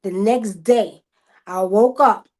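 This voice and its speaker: A woman, telling stories casually on a video call livestream, animated, loudly acting out the quotes. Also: medium pitch, takes it slowly. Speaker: guest.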